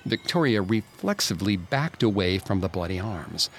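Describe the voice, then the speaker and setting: Male storyteller, deep-ish voice, scripted ghost story read with dramatic hushes. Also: very animated, normal speed, hardly any pauses, a little hiss or hum. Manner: dramatic, hushed at tense moments. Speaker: narrator.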